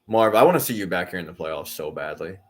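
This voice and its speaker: Low-voiced male streamer ranting calmly. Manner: insists he is calm, repeats himself, sarcastic. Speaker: watch-along streamer. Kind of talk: live stream rant at a chat troll.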